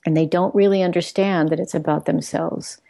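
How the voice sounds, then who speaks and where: A woman's voice: lowish voice, steady tone, moderate pace, vocal fry, mellow. A middle-aged woman who works with outreach workers, speaking earnestly as a guest and often restarting her phrases as she searches for words. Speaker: guest, outreach work leader. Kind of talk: reflective conversation.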